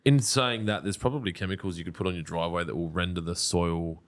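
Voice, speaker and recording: A man's voice: low voice, steady tone, fast talker. A man, co-hosting a podcast in blunt, joking, casual chat. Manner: blunt, joking, swears freely. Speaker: podcast co-host.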